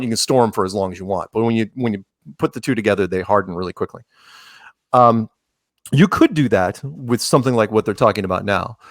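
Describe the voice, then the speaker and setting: A man's voice: mid-range voice, no echo, clean studio sound. A man talking as a podcast guest in a rambling way, full of restarts and sarcastic asides. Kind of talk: casual chat.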